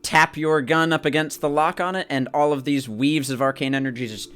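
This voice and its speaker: A man's voice: on the high side, a little fast, a bit bright. A man narrating a tabletop role-playing game as game master, with vivid descriptions.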